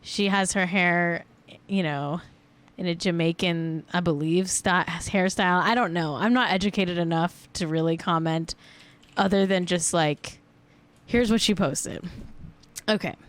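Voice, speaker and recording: A woman's voice: on the low side, a little slow. A young adult woman hosting a celebrity gossip show, chatting casually and joking with frequent giggles. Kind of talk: casual live-stream chat.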